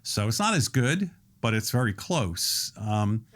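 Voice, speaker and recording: Low-voiced man in his sixties. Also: unhurried. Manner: explains at length, steady and detailed. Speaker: restaurant owner and guest. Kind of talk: podcast interview.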